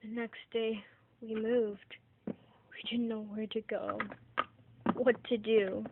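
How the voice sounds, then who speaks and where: Slow, earnest woman storyteller, tinny sound. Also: fairly high pitch. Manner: earnest, slow, heartfelt telling. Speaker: narrator. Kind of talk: first-person storytelling for a home-made toy film. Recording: tinny phone-like recording, faint hiss.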